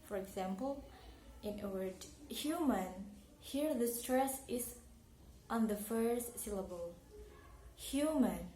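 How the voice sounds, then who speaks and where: Young indonesian woman with an indonesian accent, slightly high voice, careful pronunciation lesson, echoey room, faint hiss. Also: slow pace, warm tone. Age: young adult. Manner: careful, explaining and repeating example words. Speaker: university student. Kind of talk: recorded English pronunciation lesson.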